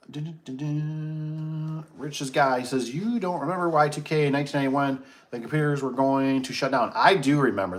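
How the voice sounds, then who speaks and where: Animated man telling stories on a livestream. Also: mid-range voice. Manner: animated, acts out his own reactions. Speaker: livestream host reading chat. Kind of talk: casual storytelling chat.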